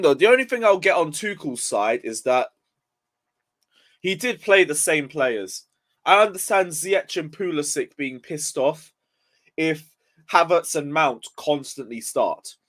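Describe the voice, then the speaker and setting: Fresh out of bed and still yawning, a young man vents about his football club on a live stream, swearing freely and reading viewer comments aloud in a casual, frustrated rant. His voice is a little high for a man, with a fairly bright tone.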